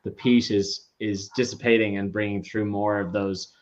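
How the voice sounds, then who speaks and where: A man's voice: lowish voice, level tone, moderate pace. A man hosts a casual whiskey tasting and tells chatty stories. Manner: chatty anecdotes, acts out quoted people. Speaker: whiskey tasting club host. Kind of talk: casual chat, livestream tasting. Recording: dull lo-fi sound.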